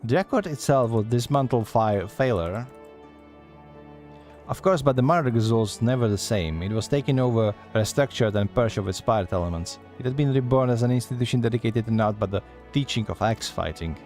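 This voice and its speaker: A man's voice: medium pitch, expressive, fairly quick, darkish tone, faint music behind, close to an everyday voice. A man voicing a teasing female guild receptionist from a game, in a put-on Scottish accent, reading her dialogue aloud in a folksy, storytelling way. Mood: yarn-spinning.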